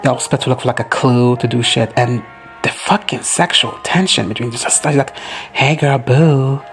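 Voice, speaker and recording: Guy gushing over a tv episode, swears a lot, mid pitch, faint music behind. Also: a bit bright. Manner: gushing, swears often, acts out characters in quick high voices. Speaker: reaction vlogger. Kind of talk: casual TV recap reaction.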